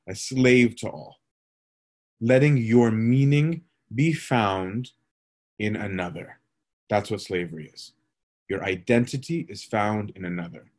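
A male priest teaching on a scripture passage in a relaxed, conversational way, reading verses aloud and often checking in with "right?". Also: fairly low pitch. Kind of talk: scripture study talk.

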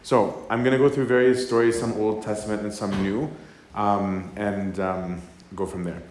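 A man's voice: fairly low pitch, flat delivery, moderate pace, darkish tone, reverberant, a little hiss or hum. A man giving a casual, conversational sermon, reading scripture and then talking it through, often tagging his lines with "right?". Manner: conversational, tags lines with "right?", acts out voices. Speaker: priest giving a talk.

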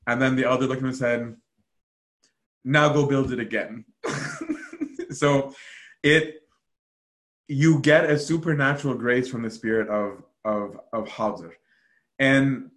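A man casually telling monastery stories, full of fillers and acted-out quotes. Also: mid-range voice. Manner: animated storytelling, acts out quoted voices, frequent fillers. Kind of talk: casual storytelling talk.

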